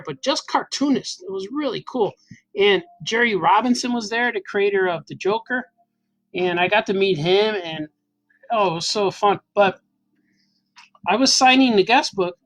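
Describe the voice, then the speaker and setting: A man's voice: high-pitched, fairly bright tone, poor audio. Chatty cartoonist man telling a story. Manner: enthusiastic, rambling, laughs often. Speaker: cartoonist host. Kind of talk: casual storytelling while drawing. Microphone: camera mic.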